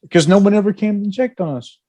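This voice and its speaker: A man co-hosting a veterans' podcast, telling old army stories in a casual, animated way. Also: high-pitched, normal speed, highs cut off. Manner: storytelling, animated, with laughs. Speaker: podcast co-host.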